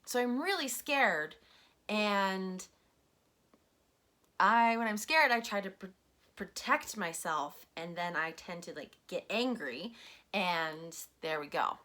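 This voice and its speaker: A woman's voice: medium pitch, lively intonation, slow, sharp tone. A woman hosting a solo podcast, talking in a candid, conversational, self-reflective way. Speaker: podcast host.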